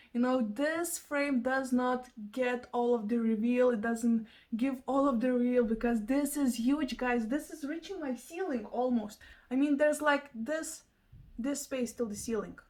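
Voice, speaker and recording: A young woman from Lithuania, a non-native English speaker, chatting excitedly to camera in a casual vlog, laughing and exclaiming to her viewers. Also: high voice, measured pace. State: out of breath. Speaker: vlogger.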